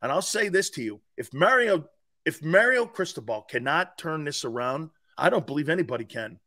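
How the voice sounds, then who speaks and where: A man in his fifties, a former player and sports radio host, talking as a guest in a casual podcast interview, emphatic and animated with loud outbursts. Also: fairly high pitch, moderate pace. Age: 50s.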